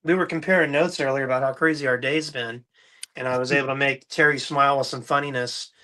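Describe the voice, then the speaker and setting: A middle-aged man hosting a podcast, chatting casually and telling animated stories, now and then mimicking other people's voices. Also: mid-range voice, fast. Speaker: podcast host. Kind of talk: casual chat.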